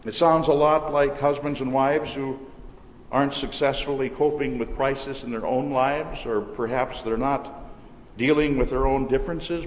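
A man's voice: mid-range voice, steady tone, slight background noise. Man preaching in an echoey church. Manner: measured, earnest preaching with slowed emphasis. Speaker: pastor. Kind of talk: sermon. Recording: echoey church hall with long reverb.

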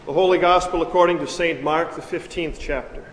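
A man reading the Gospel aloud at a church service, in a measured, solemn cadence. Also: a little high, steady tone, over loud music. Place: large church. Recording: echoey church, reverb from far.

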